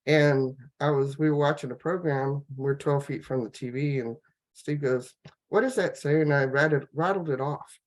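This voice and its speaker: A woman on a laptop video call, telling her personal health story in a rambling, halting way, full of fillers and restarts. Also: extremely low pitch, fairly even intonation, darkish tone. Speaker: guest sharing a health testimonial. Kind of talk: casual personal testimony.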